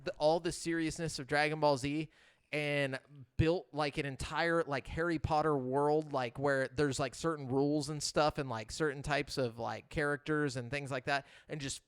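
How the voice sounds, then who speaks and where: Man, podcast co-host, casual rambling chat, clear smooth voice, dry close mic. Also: a little high, steady tone, moderate pace, dry recording. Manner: laid-back, rambling, lots of fillers.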